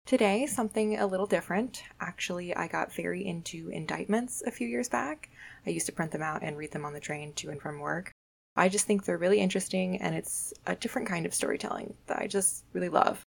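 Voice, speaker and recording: A woman with a lowish voice and a gravelly, fried edge reads legal documents aloud as a podcast host. Her delivery is plain and unhurried, with casual asides between the formal passages.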